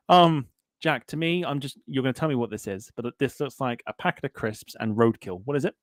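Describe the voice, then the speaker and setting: A man's voice: mid-range voice, brisk, no room sound, clean studio sound. A man hosting a casual aviation podcast, reading out live chat comments in a jokey way and laughing often. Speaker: podcast host.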